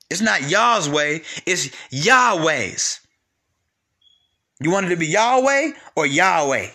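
High, bright-voiced man preaching informally. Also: slow pace. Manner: animated, talks straight to listeners, repeats for emphasis.

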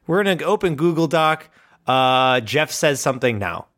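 A man co-hosting a podcast in casual chat, animated and swearing freely. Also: a little high, moderate pace. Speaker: podcast co-host.

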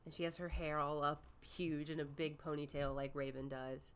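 A woman's voice: sits low, level tone, moderate pace. A woman co-hosting a podcast, chatting with enthusiasm about a TV episode and laughing often. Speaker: podcast co-host. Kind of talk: casual chat recapping a TV episode.

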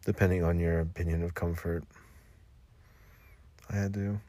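Deep and dark in tone, this man's voice barely moves in pitch and keeps a normal speed, with no echo. He rambles through a loose podcast monologue from a makeshift home booth, tired after a long shift, forgetting where he was going and repeating himself.

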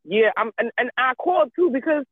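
A woman's voice: fairly high pitch, lively intonation, moderate pace, breathy edge, dry recording. A woman in casual chat who talks emphatically, repeats herself, and swears freely. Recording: tinny phone-like line.

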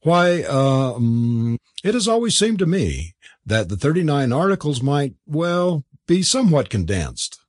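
A man's voice: mid-range voice, big pitch swings, normal speed, husky, no room sound, clean studio sound. A man voicing a prim, flustered young male curate who stammers when cornered. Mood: stammering.

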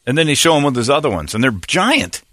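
A middle-aged man hosting talk radio speaks fast, firing off animated, profane rants with big pitch swings and laughing at his own lines. It's casual banter, recorded dry with clean studio sound.

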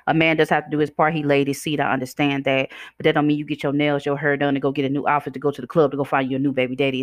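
A woman's voice: sits low, fairly bright tone, no room sound, clean studio sound. A woman hosting a podcast, ranting bluntly and sassily while chewing gum, her words slightly slurred. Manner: blunt, sassy, preachy. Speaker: podcast host. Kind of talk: ranting monologue.

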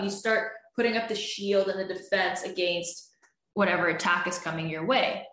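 A woman's voice: medium pitch, steady tone, fairly quick, fairly bright tone, roomy sound. A woman, a relationship coach, explaining communication in an earnest, explanatory way and acting out what partners say to each other. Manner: earnest, explanatory, acts out couples' arguments. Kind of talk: advice podcast monologue.

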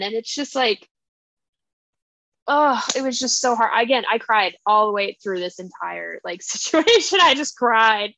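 Woman cohosting a book podcast, kinda gravelly, dry mic, gets all emotional telling the plot. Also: a little high, sing-song, normal speed, pushed and bright, no echo. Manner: emotional, retells the plot with little quoted voices. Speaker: podcast co-host. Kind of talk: casual book chat.

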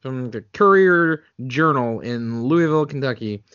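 A man's voice: medium pitch, animated, measured pace, a bit bright, smooth, no echo, lo-fi sound. A man on a podcast reading critics' reviews in a wry, casual way. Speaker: podcast co-host.

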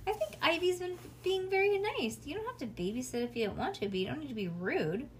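A woman's voice: high-pitched, expressive, fairly quick, a little hiss or hum, voice pushed up. A woman reading aloud and voicing a kind but firm mother in a storybook. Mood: gentle. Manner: gentle, firm.

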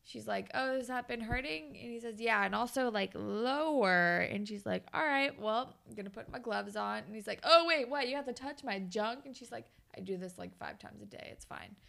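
A woman's voice: fairly high pitch, moderate pace, creaky, hardly any pauses, a bit bright. A young woman co-hosting a podcast, chatting casually and retelling TV scenes, acting out the characters' lines as she goes. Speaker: podcast co-host. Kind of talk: casual TV recap chat.

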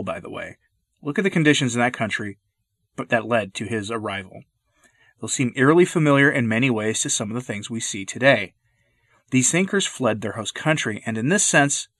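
A man delivering scripted commentary narration in a measured, deliberate way. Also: mid-range voice, a bit bright, no echo, studio quality.

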